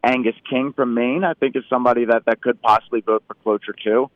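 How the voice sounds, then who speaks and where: A man's voice: mid-range voice, steady tone, quick pace, no echo, phone-quality sound. A man giving political analysis as a news correspondent, rambling with many fillers.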